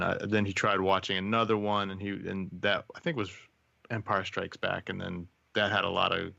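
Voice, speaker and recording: A man's voice: deep voice, creaky, dry recording. A man co-hosting a podcast, chatting casually and telling a story in a loose, rambling way. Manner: relaxed, rambling storytelling with fillers. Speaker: podcast co-host. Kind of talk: casual chat. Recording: dull lo-fi audio.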